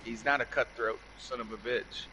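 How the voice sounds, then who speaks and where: A man angrily retells a story in casual chat, full of swearing, repeating "I said" each time he quotes himself. His voice is medium-pitched and steady at a moderate pace, against a noisy background.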